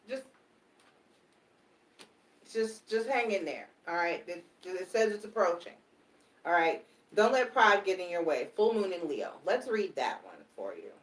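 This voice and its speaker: Animated woman reading tarot, roomy echo. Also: mid-range voice, far from the mic. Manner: animated, repetitive, swears casually, talks to the audience directly. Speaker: tarot reader.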